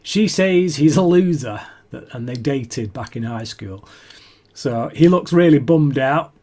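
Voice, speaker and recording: A man's voice: medium pitch, lively intonation, measured pace, mellow. A man co-hosting a podcast, recapping a TV episode in casual chat, laughing often and restarting sentences. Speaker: podcast co-host.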